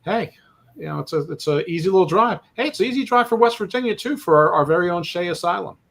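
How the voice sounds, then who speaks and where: A man's voice: sits high, lively intonation, quick pace, creaky. A man co-hosting a casual sports podcast, rambling and joking, often stammering as he restarts his sentences. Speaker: podcast co-host.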